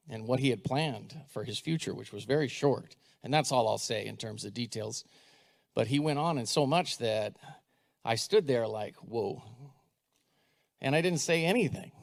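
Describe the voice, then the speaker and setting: A man's voice: medium pitch, creaky. A middle-aged man, a school superintendent, telling a story to a live audience, acting out the dialogue and asking the crowd questions. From United States. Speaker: school superintendent giving a talk.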